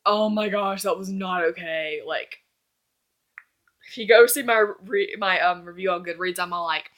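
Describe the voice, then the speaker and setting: A woman's voice: mid-range voice, moderate pace, a bit bright. A young woman chatting casually in a book review vlog, gushing and acting out characters' lines.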